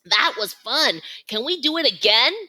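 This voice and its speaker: A woman voicing a small, playful baby female gorilla in a storybook reading, with an excited, childlike manner. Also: on the high side, takes it slowly, voice pushed up, full character voice.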